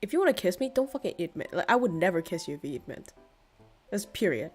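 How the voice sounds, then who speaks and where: A woman's voice: lowish voice, big pitch swings, fast talker, a little mellow, faint music behind. A woman from Vietnam with an American-tinged accent, chatting casually as a streamer, blunt and playful, swearing and laughing often. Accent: American-influenced English. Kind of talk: casual chat.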